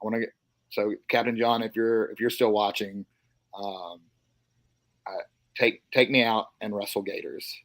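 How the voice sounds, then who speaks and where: A man's voice: lowish voice, steady tone, moderate pace, long pauses, fairly bright tone, dry recording. A man, a comedian, chatting casually on a live stream and telling self-mocking stories. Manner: playful, self-mocking storytelling. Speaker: stand-up comedian guest. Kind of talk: casual chat with joke telling. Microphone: live stream call.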